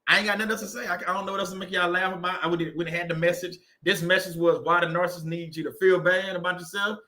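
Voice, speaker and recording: Man, faith livestream host, casual chat, jokey, laughs a lot, high voice. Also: fast. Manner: laughs often, joking and animated.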